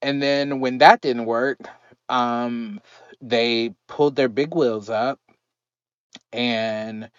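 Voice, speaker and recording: A man co-hosting a podcast, chatting casually about politics with animated, emphatic, repetitive phrasing. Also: mid-range voice, very slow, long pauses, clean tone, dry recording, lo-fi sound. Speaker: podcast co-host.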